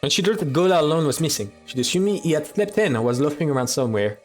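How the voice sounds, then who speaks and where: A man's voice: fairly high pitch, lively intonation, fast, a little mellow, faint music behind. A man streaming himself reading a visual novel aloud, switching between narration and casual, swearing commentary.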